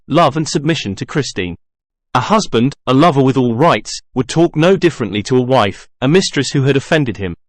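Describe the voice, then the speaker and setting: A man reading a novel aloud as scripted narration, measured and clear. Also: mid-range voice, no room sound, clean studio sound. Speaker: audiobook reader.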